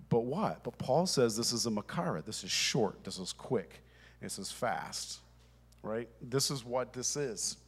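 A man preaching a sermon to a congregation in a conversational, emphatic way. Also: a little high. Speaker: pastor. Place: church with congregation.

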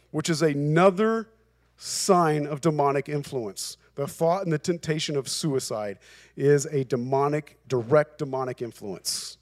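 A male pastor preaching a sermon, emphatic and repeating phrases for emphasis. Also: fairly high pitch.

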